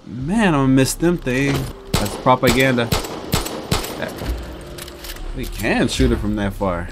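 A man casually commenting on his own gameplay, chatty and breaking into loud excited yelps. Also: mid-range voice, measured pace, noisy background. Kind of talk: casual let's-play commentary.

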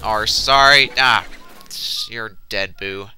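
A man's voice: lowish voice, slow pace, bright, forceful tone, faint music behind. A young man giving casual let's play commentary with chatty, mumbled asides.

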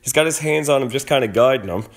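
A man's voice: medium pitch, fast. A man giving an argumentative commentary on hockey video clips, acting out what players and officials say. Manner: emphatic, argumentative, acts out quotes.

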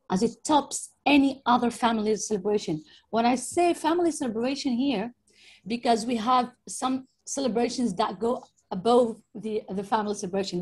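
A woman's voice: a little high, a little mellow, breathy edge, rough recording. A young woman, giving a casual slide presentation over a video call and often checking in with her listeners.

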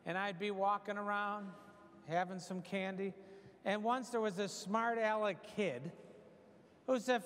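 A man's voice: high-pitched, fairly even intonation, a little slow, a bit bright. A man in his sixties, a priest giving a folksy, joking homily. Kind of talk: humorous homily. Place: church hall. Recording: long hall reverb.

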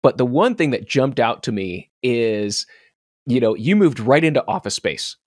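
A male podcast host with a lively, up-and-down voice, chatting with enthusiasm and laughing easily. The sound is dry and close, with no room around it. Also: mid-range voice, normal speed, no room sound. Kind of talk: casual interview chat.

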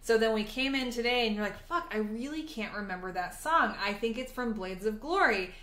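Animated swearing woman telling stories. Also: fairly high pitch, fairly quick, roomy sound. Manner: animated storyteller, swears freely, acts out quotes. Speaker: podcast co-host. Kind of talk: casual chat.

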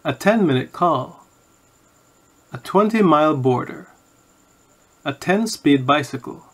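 A man reading course audio, saying each word and then an example sentence in a slow scripted vocabulary reading. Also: a little high, lively intonation, breathy edge.

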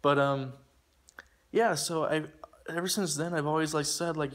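A young man with a slightly high voice tells a story in a loose, rambling way, full of "like" and restarts. He is recorded outdoors on a phone and shivering in the cold. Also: fairly even intonation, normal speed, long pauses, a bit bright. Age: young adult. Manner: rambling, heavy use of "like". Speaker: vlogger. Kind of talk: casual storytelling.

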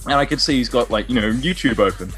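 A man's voice: medium pitch, fast, faint music behind. Guy telling a wild story. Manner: rambling animated storytelling, swears freely. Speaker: podcast co-host. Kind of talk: casual chat.

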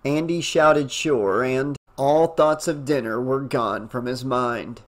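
Here a medium-pitched voice takes its time reading a fan novel as an audiobook narrator, then chats keenly as the channel's host, dropping fillers into the wrap-up.

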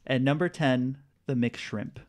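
A man's voice: mid-range voice, slow. Easygoing male quiz host. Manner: easygoing, laughs between answers. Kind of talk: reading trivia answers to teams.

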